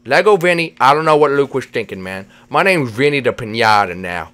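A man's voice: mid-range voice, sing-song, a little fast, fairly bright tone. A man voicing a laid-back Lego figure in a Minecraft role-play, ending lines with "man". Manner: drawling, says "man" every line.

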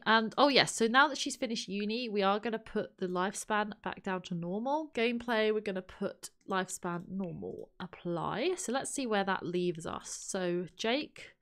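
A woman giving chatty let's play commentary, thinking aloud and exclaiming at what happens in the game. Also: mid-range voice. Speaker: gaming channel host.

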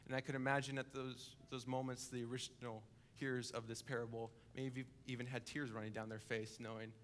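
Man preaching with lively storytelling. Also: mid-range voice, a little fast, hardly any pauses, slight background noise. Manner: vivid storytelling, acting out the characters; swings between hushed and emphatic. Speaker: college and young adult coordinator preaching. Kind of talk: sermon. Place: church service, live-streamed.

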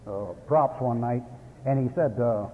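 Fiery older preacher on tinny radio. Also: male voice, mid-range voice, a little slow. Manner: folksy storytelling with sudden angry outbursts and chuckles. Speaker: Baptist preacher. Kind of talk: folksy fiery sermon. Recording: tinny phone-like old radio broadcast in a hall.

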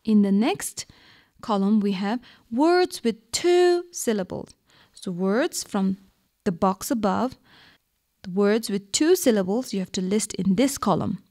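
A woman's voice: medium pitch, lively intonation, measured pace, darkish tone. A woman teaching a radio lesson to young children, patient and coaxing, asking questions and answering them herself. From Bhutan.

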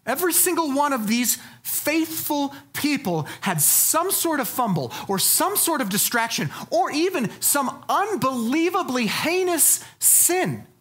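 A woman pastor delivering a sermon, lively and dynamic, dropping to low, soft tones for emphasis. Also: a little slow, few pauses.

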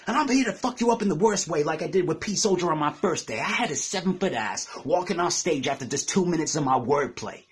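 Fast-rapping husky-voiced man. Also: on the high side, expressive. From England. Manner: aggressive taunting insults. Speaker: battle rapper. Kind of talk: battle rap verse.

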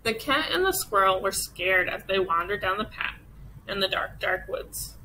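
A woman teacher reading a children's picture book aloud with expressive storytelling. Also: medium pitch, normal speed, a little hiss or hum, rough recording.

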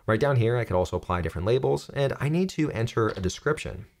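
A young man guiding viewers through a software tutorial. His voice moves lively up and down as he explains each click, with a light, joking touch. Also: medium pitch, fast talker, vocal fry. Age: young adult. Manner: upbeat, jokey step-by-step explaining. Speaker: tech tutorial host. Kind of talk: screen-recorded software tutorial.

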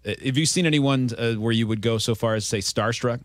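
A man hosting a casual sports interview, telling stories and quoting people with animated delivery. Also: medium pitch, brisk, dry recording, studio quality. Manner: storytelling, animated quotes. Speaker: radio host.

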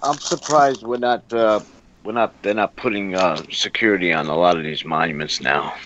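Male co-host, lower voice, indignant and halting; lo-fi audio, faint background noise. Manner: indignant, halting with repeated restarts. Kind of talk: casual commentary chat.

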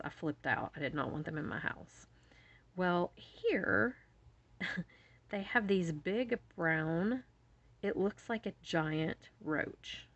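A woman's voice: deep voice, vocal fry, lo-fi sound. A middle-aged woman from West Virginia, casually telling a story while beading, laughing often and acting out her own shrieks. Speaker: jewelry-making video host. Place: home bead room.

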